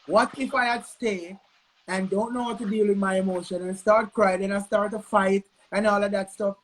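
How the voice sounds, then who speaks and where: A man's voice: high-pitched, steady tone, moderate pace, rough recording. A man in casual podcast debate, explaining his point at length. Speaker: podcast co-host.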